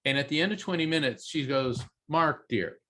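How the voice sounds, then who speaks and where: A man, a podcast guest, telling a long anecdote with lively energy and acting out the quoted voices. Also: medium pitch, quick pace. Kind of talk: animated storytelling in a podcast interview.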